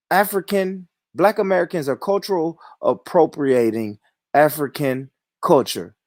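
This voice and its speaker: A man's voice: fairly high pitch, a little mellow, dry recording, studio quality. Heated, profane man ranting on a livestream. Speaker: livestream host.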